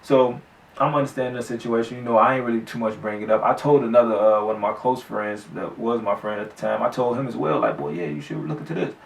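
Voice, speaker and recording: A man's voice: medium pitch, steady tone, fast talker, gravelly, recorded from a distance. A man vlogger telling a story casually, in slangy, profane speech with many restarts. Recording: echoey room, off-mic.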